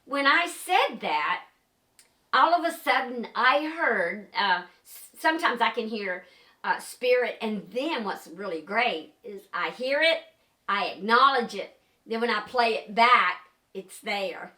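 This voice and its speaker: An older woman with a bright, forceful voice tells a story in a chatty way. She fills her talk with ums and uhs. The sound is roomy and echoey. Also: a little high, takes it slowly. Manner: chatty, lively storyteller with many fillers. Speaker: paranormal investigator. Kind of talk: casual storytelling to camera.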